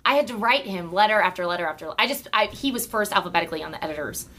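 A woman's voice: mid-range voice, lively intonation, very fast, fairly bright tone. A woman guest in casual chat, telling stories in a rambling way with many restarts and fillers. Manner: rambling, lots of restarts and laughter. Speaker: guest comedy writer and actor.

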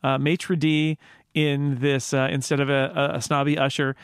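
A man co-hosting a casual film discussion podcast, rambling and joking with quick asides. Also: mid-range voice, flat delivery, clear, resonant tone, no echo, studio quality. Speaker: podcast co-host.

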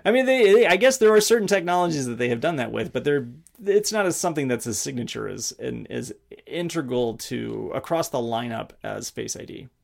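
Gravelly-voiced man in casual chat. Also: medium pitch, expressive, a little fast, few pauses. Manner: hesitant, trailing off, many fillers. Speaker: podcast co-host.

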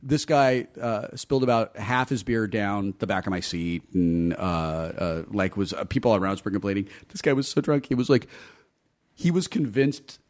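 A man's voice: on the low side, moderate pace, a little mellow. A middle-aged man telling stories in casual chat, candid and profane, laughing often. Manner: candid storyteller, swears freely, laughs often.

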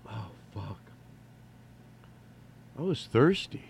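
A man's voice: medium pitch, sing-song, slow pace, long pauses, mellow, slightly rough, lo-fi sound. A man rambling through a casual solo monologue to his viewers, digressive, with casual swearing and lots of fillers. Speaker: vlogger.

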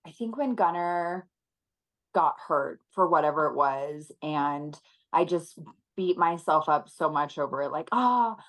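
A woman in her thirties talking earnestly and emotionally as a podcast guest, with many pauses and fillers. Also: sits low, poor audio. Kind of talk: casual interview chat.

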